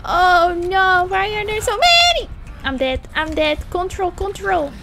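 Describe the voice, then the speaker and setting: A woman streamer doing panicky let's play commentary of a horror game, exclaiming and talking slowly between scares. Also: very high voice, big pitch swings, heavy background noise. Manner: slow, drawn-out talk.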